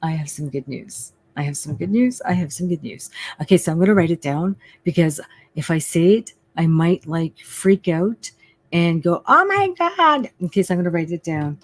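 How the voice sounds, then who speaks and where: A middle-aged woman, a psychic medium, chatting on her live stream in a bubbly, excitable way and repeating herself. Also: low-pitched, normal speed, dry recording. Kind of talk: casual live-stream chat.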